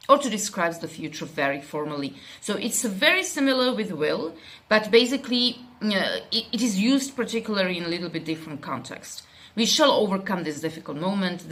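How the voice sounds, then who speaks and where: A woman's voice: lowish voice, fairly bright tone. A woman with a Slovak accent teaching English grammar, reading out example sentences and explaining them in loose, unscripted speech with many fillers. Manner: unscripted, with frequent fillers and restarts.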